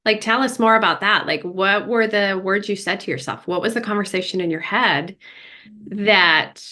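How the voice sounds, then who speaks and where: A woman co-hosting a casual podcast as a therapist, telling stories in an animated way and acting out her own past thoughts. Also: medium pitch, normal speed.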